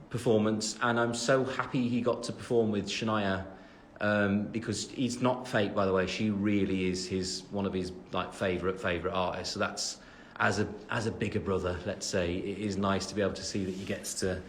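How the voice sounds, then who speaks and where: A man's voice: lowish voice, fairly even intonation, normal speed, slight background noise. A young man from England with a Midlands accent, chatting loosely on a phone livestream and answering fan questions with a lot of fillers and self-deprecating asides. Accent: English Midlands. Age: 20s. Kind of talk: casual chat. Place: at home after the gym. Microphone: phone camera.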